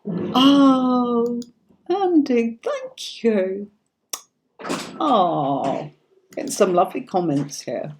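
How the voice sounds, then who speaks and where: A middle-aged woman from Yorkshire, England, speaking with a neutral standard British accent, hosts a live-streamed tarot reading. Her fairly high voice is very animated yet very slow, with long pauses, and she chats reassuringly, often checking in with "okay?". A little hiss or hum sits under the audio.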